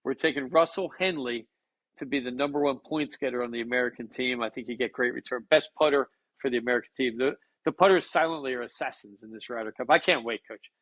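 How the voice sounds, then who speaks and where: A man co-hosting a casual sports betting chat, talking excitably with frequent stammered restarts. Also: mid-range voice, fast, no room sound.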